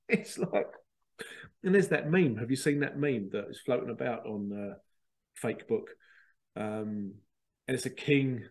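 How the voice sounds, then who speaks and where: Hosting a podcast, a man talks in a loose, meandering monologue, poking fun at people through exaggerated impressions. His medium-pitched voice has lively intonation, a moderate pace, and a slightly mellow quality.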